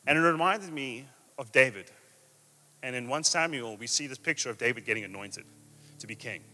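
A man preaching a sermon to a live church audience, emphatic and energetic, easing into soft drawn-out phrases. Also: mid-range voice. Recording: reverberant hall with soft guitar behind.

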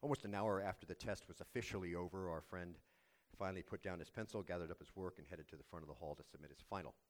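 A man preaching a sermon as pastor, telling a story in a measured, earnest way. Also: deep voice.

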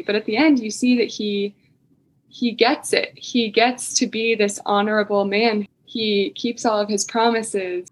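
A woman's voice: mid-range voice, steady tone, measured pace, rough recording. A woman taking part in a class discussion, speaking casually and thoughtfully with many likes.

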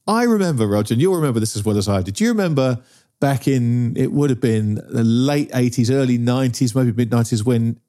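A middle-aged podcast co-host tells a story in casual chat, constantly checking in with "right?". His voice is medium-pitched, brisk and warm.

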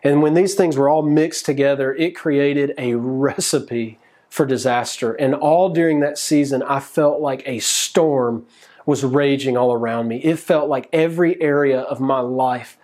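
A man's voice: mid-range voice, fairly even intonation, a little slow, darkish tone. A man preaching an earnest sermon as a pastor, speaking directly to viewers watching online.

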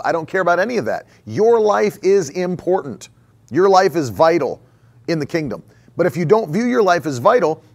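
A man preaching a conversational sermon as a pastor. He repeats phrases for emphasis and chuckles often. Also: sits high.

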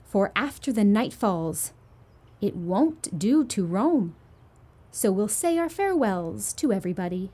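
Three well-mannered little bears in a storybook, read by a woman; gentle and slow, with a lilting voice. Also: medium pitch, very animated, slightly rough. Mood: polite. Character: three polite little bear cubs from the woods.

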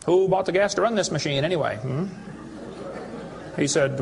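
A man's voice: on the high side, moderate pace, vocal fry, a little hiss or hum. A man giving a preaching lecture to an audience, telling folksy, mocking stories with acted dialogue. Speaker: creation science speaker.

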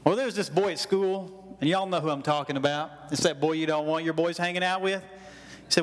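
Man, pastor, folksy sermon, high voice, long reverb. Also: brisk. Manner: folksy storytelling, calls for audience response. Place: church hall.

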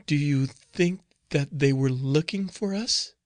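A man's voice: on the high side, takes it slowly, no echo, voice pushed up. A man doing a trembling, timid young nun. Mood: frightened. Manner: trembling, hesitant.

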